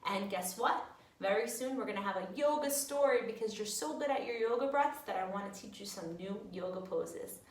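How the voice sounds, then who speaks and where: A woman teacher guiding young children through breathing exercises in a gentle, sing-song, encouraging way. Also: mid-range voice, a little fast. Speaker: preschool teacher. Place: room at home. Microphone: camera at a distance. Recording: echoey room, mic far off.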